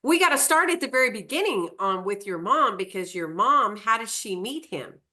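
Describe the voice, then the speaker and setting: A woman's voice: medium pitch, big pitch swings, normal speed, pushed and bright. A woman hosting a casual interview, eagerly prompting her guest. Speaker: host.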